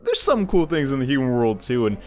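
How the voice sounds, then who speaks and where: A man's voice: mid-range voice, sing-song, brisk, faint music behind, lightly acted. A man voicing a boastful male yokai in a game, smug and self-praising.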